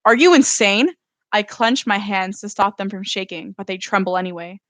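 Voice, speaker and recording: A woman's voice: medium pitch, fairly quick, dry recording. Woman author reading her novel, dry sound. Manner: steady first-person narration.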